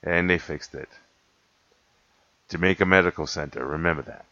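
A man with a lowish voice tells a rambling story to the camera, laughing and correcting himself as he goes. The recording is dull and lo-fi, with a dry sound and no room echo. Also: moderate pace, pushed and bright. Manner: rambling, self-correcting, laughs between points. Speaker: cat rescuer telling a story.

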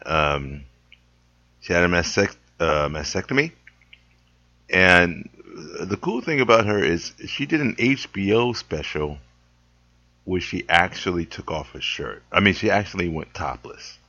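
A man casually commenting in a halting way with fillers. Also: deep voice, lively intonation, bright, forceful tone, no echo, muffled recording.

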